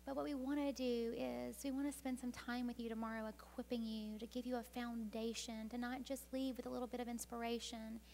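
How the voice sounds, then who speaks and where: A woman speaking from a stage at a women's event, telling a parable with dramatic pacing and hushed whispers, then urging listeners to change. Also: on the high side, little pitch movement, fairly quick, creaky, hardly any pauses, a little hiss or hum. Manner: dramatic storytelling, dropping to hushed whispers for tender moments. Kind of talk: inspirational talk with storytelling.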